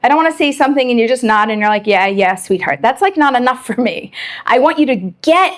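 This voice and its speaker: A middle-aged woman who moved to Israel, giving a lively personal Torah talk to an audience and acting out the voices she quotes. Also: sits high, quick pace. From immigrant to Israel. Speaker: Torah lecturer.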